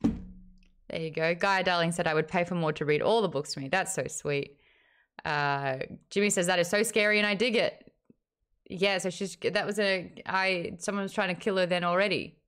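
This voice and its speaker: A woman hosting a casual livestream book chat, talking in a chatty, animated way and reading viewer messages aloud. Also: lowish voice, moderate pace, clear, resonant tone. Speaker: host.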